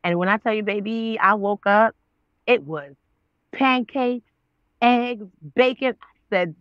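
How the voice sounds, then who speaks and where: A woman in her thirties telling her story as a guest, voicing her own past dialogue with God. Her pitch leaps up and down as she acts it out. The sound is dry and slightly dull. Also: unhurried, pauses often, no echo. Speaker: guest, actress and author. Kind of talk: animated storytelling.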